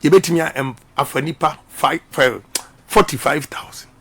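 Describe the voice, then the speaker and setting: A man's voice: a little high, normal speed, sharp tone, husky. A middle-aged Ghanaian man speaking emphatically in a radio interview, repeating his points like a preacher. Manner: repetitive, emphatic, preaching-style delivery. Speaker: politician.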